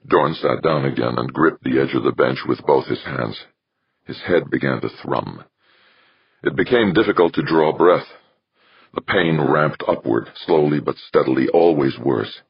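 Male audiobook narrator, very deep husky voice, steady measured reading, dry muffled sound. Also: dry recording. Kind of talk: scripted narration.

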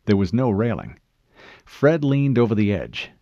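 A man narrating an audiobook in an expressive storytelling manner. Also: on the low side, a little slow, dry recording, muffled recording.

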